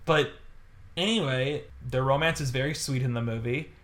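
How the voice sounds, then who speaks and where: Bright-voiced man telling rambling stories. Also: mid-range voice, moderate pace. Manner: rambling, animated storytelling with many fillers and laughs. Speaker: podcast co-host. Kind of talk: casual chat.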